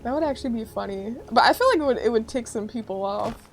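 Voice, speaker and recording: Brief: chatty Chicago-accented woman streamer, rambling and giggly, slightly high voice. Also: lively intonation, fast, soft background music, rough recording. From Chicago area, USA. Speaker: game streamer. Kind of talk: casual chat while playing a game.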